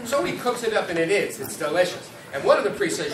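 A man doing stand-up comedy at a social club, telling a long joke and swearing at a heckler in loud bursts. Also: fairly high pitch, fast talker, recorded from a distance. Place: social club stage, indoors. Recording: roomy hall heard from off-mic. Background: crowd laughing.

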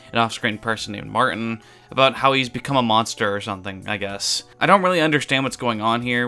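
A man narrates a scripted video with a clean, crisp voice. His delivery is wry and offhand, with casual asides and the occasional swear word played for laughs. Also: mid-range voice, sharp tone. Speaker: YouTube iceberg explainer.

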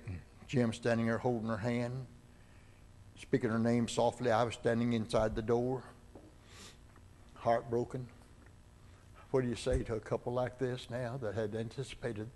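An older man preaching, telling a long personal story and acting out the voices of the people in it as he goes. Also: medium pitch. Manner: acts out dialogue in the story, with rises and falls in loudness. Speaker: pastor. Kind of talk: sermon storytelling. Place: church sanctuary.

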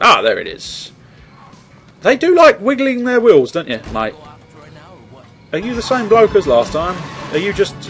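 A young man giving jokey, chatty commentary over a video game, humming tunes along as he plays. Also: medium pitch. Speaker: let's play host. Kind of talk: casual gameplay commentary.

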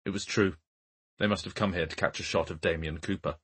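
A man reading an audiobook mystery in a calm, dry, even manner. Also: low-pitched, quick pace, slightly rough. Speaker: audiobook narrator. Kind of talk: scripted audiobook narration.

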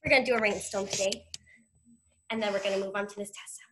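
A woman's voice: medium pitch, fairly even intonation, fast talker, echoey room, noisy background. A woman teaching preschoolers over a video call, cheerful and sing-song, leading movement games. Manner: cheerful, sing-song, drops to a whisper for quiet parts. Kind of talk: online circle time for young children.

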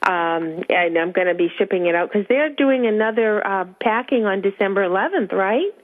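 A woman's voice: mid-range voice, expressive, moderate pace. Sympathetic woman co-host on a phone line. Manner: sympathetic, chiming in with short agreements. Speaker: guest co-host. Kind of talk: casual radio chat. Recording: tinny phone-line radio audio.

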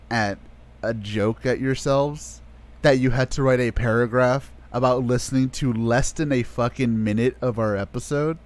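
A man co-hosting a casual podcast, telling a story with a lot of swearing and acting out his own side of an argument. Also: mid-range voice. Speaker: podcast co-host.

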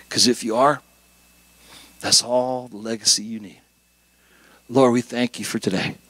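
Middle-aged male guest pastor, animated conversational preaching, dry close sound. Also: mid-range voice, moderate pace, pauses often, no echo. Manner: animated, conversational preaching with jokes and rising emphasis. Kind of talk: sermon.

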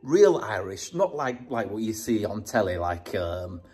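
Backstage in a studio dressing room, a middle-aged man who hosts a TV show records a casual, rambling video diary on a handheld phone, full of jokes and self-mockery. He speaks in a fairly low, slightly mellow voice that is very animated yet unhurried.

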